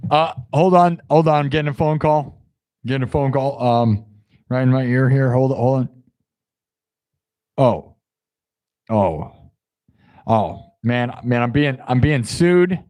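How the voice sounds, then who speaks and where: A man at a middle pitch hosts a live improv music stream. He chats loosely with his audience and wanders between jokes and asides. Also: takes it slowly, pauses often, darkish tone. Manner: playful, rambling, joking asides to chat. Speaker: livestream host and improv musician. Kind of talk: casual livestream banter.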